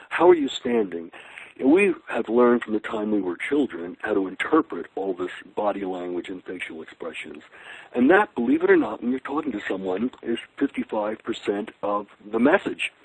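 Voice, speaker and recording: A man's voice: fairly low pitch, creaky, darkish tone, slightly rough, poor audio. A man giving a webinar talk on leading change, asking the audience rhetorical questions, with many fillers and restarts. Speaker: guest speaker on leadership.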